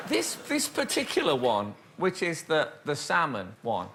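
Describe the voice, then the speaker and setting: A man's voice: a little high, big pitch swings, unhurried. A man hosting a comedy talk show, telling jokey stories to a studio audience. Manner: jokey and playful, laughing often. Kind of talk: comic storytelling before a studio audience. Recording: loud studio audience and noise.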